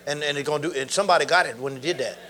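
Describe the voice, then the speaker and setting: A middle-aged man preaching a sermon, animated, laughing and shouting as he goes. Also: a little high, very fast.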